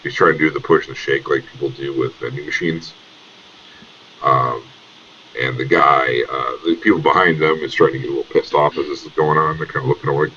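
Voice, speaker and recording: Very deep-voiced male game master. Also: steady tone, a little fast, sharp tone, slight background noise. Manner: casual and rambling, many fillers. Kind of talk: narrating a tabletop game. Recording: dull lo-fi audio.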